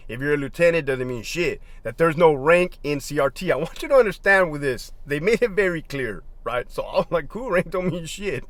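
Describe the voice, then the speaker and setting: Animated, profane storytelling man. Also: a little high, brisk, hardly any pauses, no room sound. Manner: profane, laughing often, animated retelling. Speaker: former prison lieutenant telling stories. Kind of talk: casual storytelling monologue.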